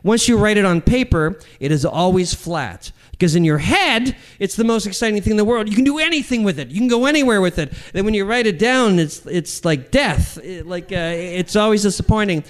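Middle-aged male comedian; animated, self-deprecating storyteller with a smooth, slightly high voice. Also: fairly quick, few pauses. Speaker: guest comedian. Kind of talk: interview storytelling.

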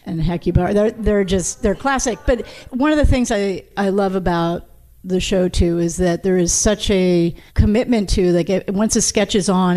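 Female interviewer; enthusiastic and halting, with a mellow voice. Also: mid-range voice. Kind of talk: interview questions.

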